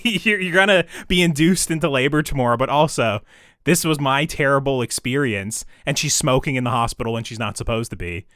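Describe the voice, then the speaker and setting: A man's voice: mid-range voice, a little fast, no echo, clean studio sound. A man co-hosting a podcast, rambling casually and laughing, sometimes dropping his voice. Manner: rambling, laughing, drops soft at times. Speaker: podcast co-host. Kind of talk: casual chat.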